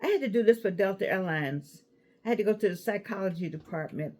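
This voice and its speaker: Sassy older woman, lively pitch. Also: quick pace. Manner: chatty, sassy, digressive, laughs easily. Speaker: vlogger giving life advice. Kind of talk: casual chat to camera.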